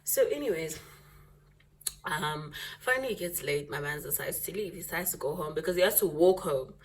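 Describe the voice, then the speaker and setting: A young woman vlogger telling a story to her viewers in a dramatic, animated way, laughing often. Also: deep voice, a little fast, a little hiss or hum. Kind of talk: storytime chat.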